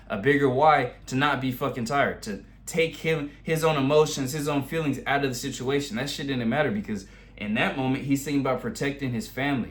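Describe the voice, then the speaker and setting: A man in his twenties giving a casual motivational monologue in blunt, heavily profane slang, turning intense as he makes his points. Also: mid-range voice. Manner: rising, intense when making a point. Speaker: vlogger giving motivational advice.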